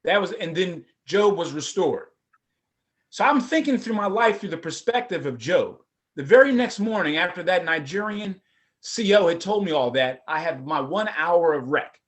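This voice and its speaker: Animated high-voiced man telling his story. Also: moderate pace. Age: middle-aged. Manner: animated, conversational, acts out voices. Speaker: former prosecutor telling his story at a forum. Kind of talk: personal testimony storytelling.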